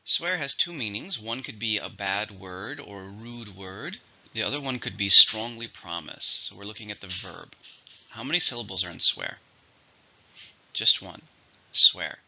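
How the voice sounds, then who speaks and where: Male English teacher, lower pitch, very bright tone, dull lo-fi recording; runs a patient vocabulary drill. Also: animated, slight background noise. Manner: explains slowly, asks and answers own questions. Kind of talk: vocabulary lesson.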